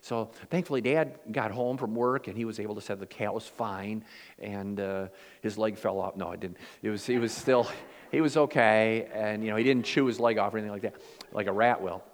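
A man's voice: lowish voice, brisk. A man preaching a sermon as pastor. He tells homey stories with a folksy, self-deprecating humor. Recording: long hall reverb.

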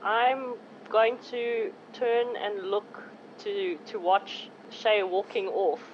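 A woman describes her character's actions at a tabletop game, deliberately and plainly. Her voice is mid-pitched and sounds dull and lo-fi. Faint noise sits underneath. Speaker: player. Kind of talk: tabletop role-play.

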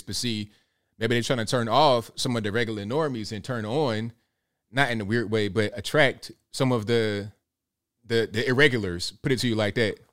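A man's voice: mid-range voice, moderate pace, a bit bright, no room sound, studio quality. A man hosting a call-in talk show, speaking in a casual, opinionated way. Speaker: radio show host.

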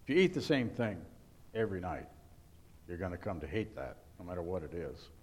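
A man's voice: low voice, sing-song, a little fast, a little mellow. Man preaching an earnest sermon. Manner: earnest, rhetorical questions to the congregation. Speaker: pastor.

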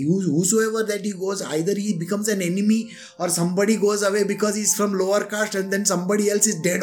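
A man with a high-pitched voice delivers a devotional discourse as a spiritual teacher. He tells stories animatedly and often turns to his listeners with rhetorical questions. Soft music plays faintly behind him.

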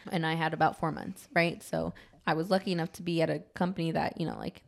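A woman in her thirties co-hosting a podcast in casual chat, candid and quick to laugh, often checking in with "right?". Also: low voice, steady tone, creaky. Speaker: podcast co-host.

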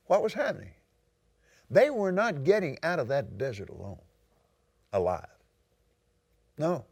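Older man, Southern US accent, preacher, slow unhurried delivery, dry close sound. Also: huge pitch swings, creaky, darkish tone, husky, dry recording. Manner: preaching with dramatic pitch swings and scripture reading. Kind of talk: sermon.

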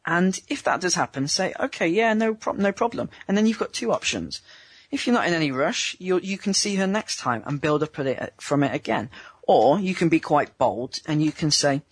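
A man's voice: fairly high pitch, animated, normal speed, breathy edge. A man, a dating coach talking in a chatty interview and acting out small scenes in other voices. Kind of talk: remote interview.

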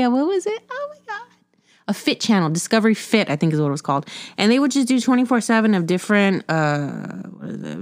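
A woman's voice: fairly low pitch, darkish tone. A woman hosting a casual solo podcast, talking in a rambling, candid way with curse words and laughter. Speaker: podcast host.

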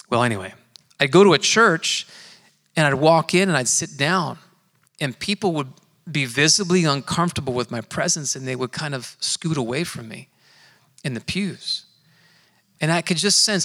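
A man preaching to his congregation, his voice bright and forceful, a little higher than most men's. He tells his own story in an earnest, conversational way and leans hard on key words. The sound rings out with the long reverb of a big hall. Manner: earnest, conversational storytelling with emphatic slow stresses. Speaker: pastor. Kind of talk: sermon with personal testimony. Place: church sanctuary.

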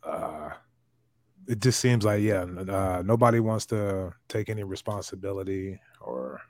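A man's voice: low-pitched, animated, measured pace, a little mellow, no echo, clean studio sound. A man hosting a casual podcast chat, joking loosely and swearing freely. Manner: loose, joking, profane banter. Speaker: podcast host.

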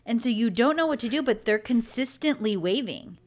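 A woman telling a story in casual chat, animated and drawn out. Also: fairly high pitch, a little fast.

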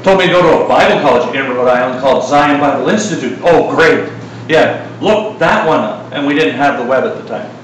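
A middle-aged man preaching a sermon in a casual, joking style, full of asides and lively retellings. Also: medium pitch, brisk, heavy reverb, distant mic, slight background noise, low-quality recording.

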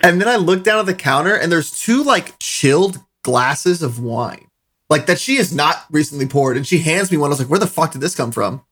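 A man's voice: a little high, animated, moderate pace, a bit bright, breathy edge. A young man casually telling a long, rambling anecdote among friends. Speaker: storyteller. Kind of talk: casual chat.

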